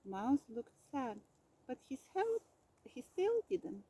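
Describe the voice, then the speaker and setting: A woman reading a children's storybook aloud with gentle, expressive narration. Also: sits high, slow pace, breathy edge, no room sound, muffled recording.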